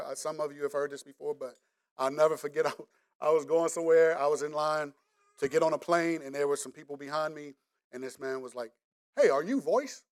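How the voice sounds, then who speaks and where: A man's voice: a little high, smooth. A middle-aged man from the Washington DC area with a local accent, preaching a casual, joking sermon straight to the congregation. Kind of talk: conversational sermon.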